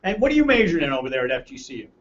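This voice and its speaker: A man's voice: fairly high pitch, big pitch swings, very fast. An American man giving a seminar to a live audience, brash and joking, quizzing people in the room and teasing them. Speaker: seminar presenter. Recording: roomy, distant, dull room mic.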